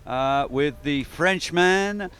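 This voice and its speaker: A man's voice: a little high, very slow, a bit bright, smooth. A man giving chatty, upbeat live commentary on a sailing race, with frequent fillers.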